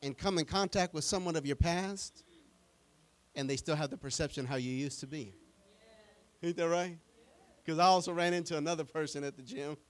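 A man's voice: on the high side, moderate pace, pauses often. Plain-talking male pastor, middle-aged. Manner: conversational, plain-spoken preaching with stammered restarts; acts out quoted voices in animated bursts. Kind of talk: sermon.

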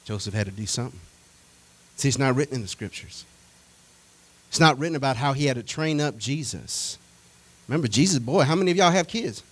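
Animated male preacher, folksy and conversational, who keeps questioning the congregation. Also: mid-range voice, brisk, pauses often, low-quality recording. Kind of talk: sermon.

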